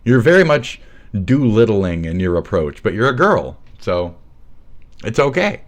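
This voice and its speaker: A man's voice: on the low side, big pitch swings, measured pace. A man streaming live and ranting, sarcastic and mocking, with heavy swearing.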